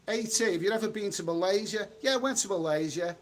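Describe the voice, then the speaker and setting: A middle-aged man with a fairly high voice chats bluntly through a street livestream, answering viewers as he goes. Faint traffic hums behind him in the open air, and he snaps quickly at anyone who needles him. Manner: blunt, chatty, quick to snap at trolls. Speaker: travel vlogger reading live chat. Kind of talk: casual livestream chat. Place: outdoors on a city street.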